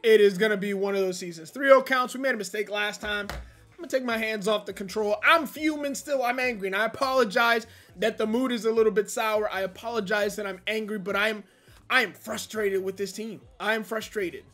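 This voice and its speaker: Young male gaming commentator, very high bright voice, rambling, frustrated, quick to loud outbursts, game music faint behind. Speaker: gaming YouTuber. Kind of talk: casual gameplay commentary.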